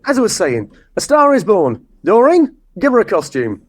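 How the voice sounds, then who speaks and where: A man's voice: high voice, wildly swooping pitch, normal speed, heavily acted. A man playing a brusque middle-aged director running nativity auditions in a radio sitcom. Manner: brusque, dismissive. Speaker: show director. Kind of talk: comedy radio sitcom acting.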